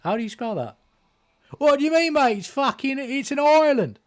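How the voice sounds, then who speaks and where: A man doing a loud, profane British bloke with a heavy put-on accent while gaming on stream. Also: very high-pitched, lively intonation, normal speed, voice pushed up. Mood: exasperated. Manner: shouting, profane, exaggerated.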